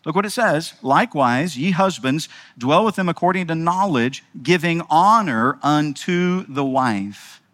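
A middle-aged man preaching, his voice sitting a little high for a man. He hammers home repeated phrases, dropping to near-quiet asides and then rising with urgency. The sound is close and dry, with little room around it. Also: dry recording. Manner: swings between quiet intimate lines and raised emphatic ones. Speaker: pastor. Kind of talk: sermon.

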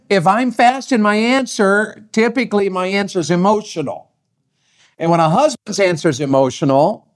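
A middle-aged man preaching a sermon on marriage, folksy and often asking his audience questions. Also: high-pitched. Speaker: pastor.

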